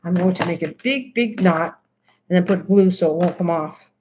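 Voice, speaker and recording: An older woman with a lowish voice chats away while she crafts on a livestream, laughing easily and teasing her cat between steps. The sound is dull and lo-fi, like a basic home setup. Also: moderate pace, a little mellow, a little hiss or hum. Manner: chatty, laughs often, teases her cat. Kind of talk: casual livestream chat.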